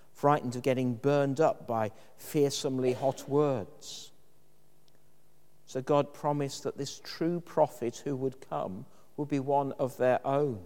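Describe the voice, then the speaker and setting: Mellow-voiced preacher in a reverberant church. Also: male voice, mid-range voice. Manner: thoughtful, conversational preaching with fillers. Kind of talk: sermon.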